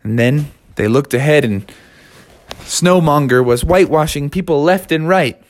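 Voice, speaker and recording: A man's voice: a little high, moderate pace. A man narrating an improvised children's story in a playful, sing-song way.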